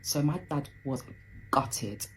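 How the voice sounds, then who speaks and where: Low-voiced woman telling a story. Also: slight background noise, poor audio. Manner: emotional, fast, breathless retelling with many fillers. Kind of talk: casual storytime monologue.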